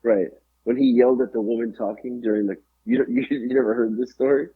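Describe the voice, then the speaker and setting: A man's voice: mid-range voice, steady tone, fairly quick, breathy edge, narrow, tinny audio. A middle-aged man co-hosting a podcast, telling profane, rambling anecdotes in a casual chat full of fillers. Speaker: podcast co-host.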